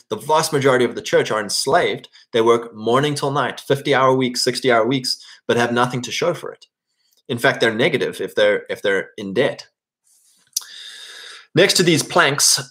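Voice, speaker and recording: A man's voice: medium pitch, a bit bright. A man from England, preaching an informal sermon in a conversational way, often checking in with "right?" and restarting his phrases.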